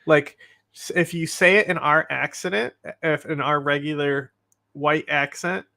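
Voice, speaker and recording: Bright-voiced man, blunt commentary. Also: on the high side, fairly even intonation, measured pace, creaky. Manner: opinionated, blunt, rambling. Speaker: livestream host. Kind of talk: casual news commentary.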